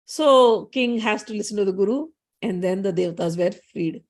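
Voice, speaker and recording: A woman's voice: mid-range voice, moderate pace, hardly any pauses. A woman narrating a spiritual story in a conversational, explanatory way, with frequent restarts.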